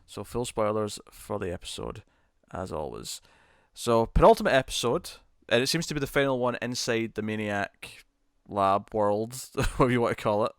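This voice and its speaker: A man co-hosting a casual review chat, talking in animated bursts full of restarts and repeated words. His voice sounds smooth and resonant. The recording is dry, with no room sound. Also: lowish voice, normal speed, no echo. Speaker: podcast co-host.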